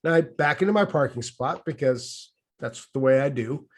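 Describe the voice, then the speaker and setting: A man's voice: mid-range voice, normal speed. A middle-aged man telling a personal story in a casual, wry, exasperated way.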